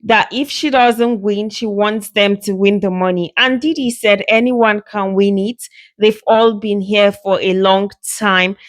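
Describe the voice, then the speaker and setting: A woman's voice: mid-range voice, steady tone, a little slow, hardly any pauses. A woman casually narrating a reality show recap in a loose, rambling storytelling way with fillers.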